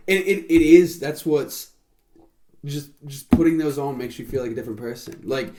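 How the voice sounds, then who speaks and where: A man's voice: medium pitch, moderate pace, a little hiss or hum. Profane guy in an echoey room. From Tennessee, US South. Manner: rambling, profane, excitable. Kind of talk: casual chat.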